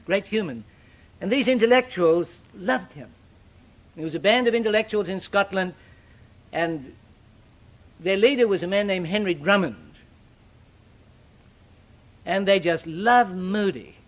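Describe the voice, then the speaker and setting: An older man preaching a sermon, with dramatic, sweeping shifts in pitch and loudness. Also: animated, measured pace, pauses often.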